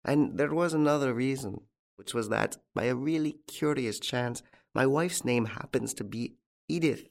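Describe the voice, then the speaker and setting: A man's voice: mid-range voice, normal speed, creaky, pitched above the performer's own voice, close to an everyday voice. A man reading an audiobook, voicing a jovial middle-aged army colonel who hosts guests and barks orders when alarmed. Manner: genial and talkative, turning loud and commanding in alarm. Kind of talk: audiobook character voice.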